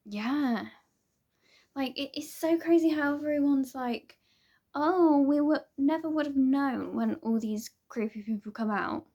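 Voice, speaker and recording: A woman's voice: on the high side, creaky. A young woman vlogger chatting casually to camera, rambling and hesitant with many restarts.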